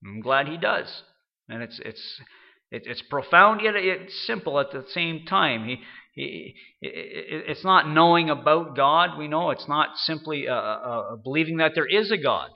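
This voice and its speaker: A man giving an unscripted sermon, halting often and repeating words as he goes. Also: a little high, lively intonation, creaky, lo-fi sound. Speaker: preacher.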